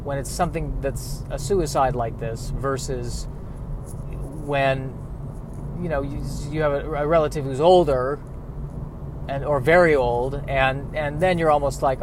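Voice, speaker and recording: A grieving man talking through a reflective personal monologue, halting and rambling, with self-deprecating asides. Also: medium pitch, background noise.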